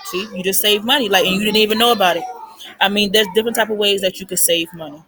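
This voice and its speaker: Bright-voiced young woman chatting casually. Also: medium pitch, steady tone, fast talker. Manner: chatty, repeats points, fillers like "like" and "I mean". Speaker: parent giving money advice. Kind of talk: casual unscripted monologue. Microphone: phone recording.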